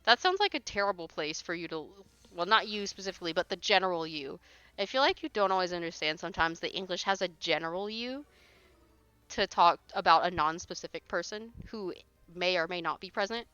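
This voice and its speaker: Woman live-streamer, casual chat, blunt and exasperated, crisp tone, slightly lo-fi mic. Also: fairly low pitch, expressive, a little fast, pushed and bright, no echo. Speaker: streamer reading paranormal posts.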